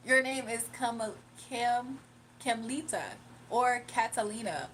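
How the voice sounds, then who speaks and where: Giggly high-pitched woman chatting live. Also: measured pace, a bit bright, a little hiss or hum, low-quality recording. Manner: chatty and giggly, reads comments aloud. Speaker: livestream host reading chat. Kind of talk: casual livestream chat.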